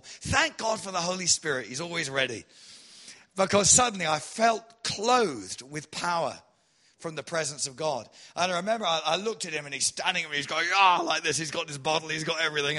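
Man preaching an animated testimony. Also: fairly high pitch, a little fast. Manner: animated storytelling, swells loud then drops soft. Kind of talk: sermon testimony.

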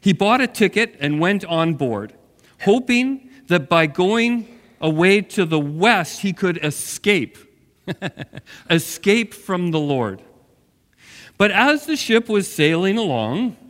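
A pastor preaching a sermon, retelling a story dramatically with asides to the congregation. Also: male voice, on the high side, fairly bright tone, in a large hall.

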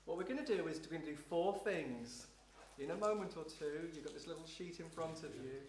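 A man leading a congregation through a slow, prayerful devotional teaching in a church room, with repetitive phrasing. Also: fairly high pitch, expressive. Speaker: pastor leading a service. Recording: roomy echo, faint noise.

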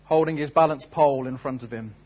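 A man's voice: medium pitch, fast talker, lo-fi sound. A man preaching a sermon, telling a story and then asking earnest, searching questions. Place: church service.

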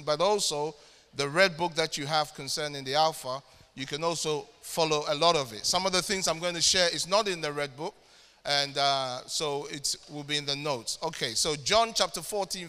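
A man delivers a sermon in a church hall, his voice high and bright. He is emphatic and slows right down to press home key phrases, and a long reverb trails his words. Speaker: pastor.

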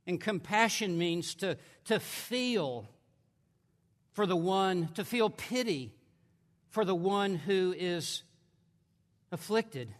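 A man preaching a sermon at a conference, emphatic, swinging between forceful declarations and hushed asides. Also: sits high. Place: large conference hall. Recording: long hall reverb.

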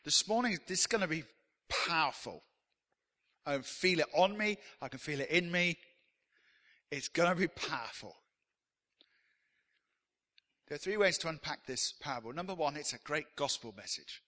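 A man's voice: on the high side, lively intonation, normal speed, pauses often, sharp tone, in a large hall. A man preaching a sermon as pastor, emphatic, and leading the congregation in call-and-response.

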